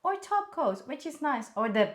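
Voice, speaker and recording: A woman co-hosting a cooking stream, excitable and teasing in casual chat, laughing often. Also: high-pitched, normal speed. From Australia.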